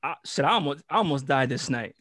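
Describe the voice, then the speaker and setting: A young American man casually telling a wild story, animated and full of profane slang. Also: mid-range voice, fast, dry recording, clean studio sound. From United States. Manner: animated, profane street slang, acts out quotes.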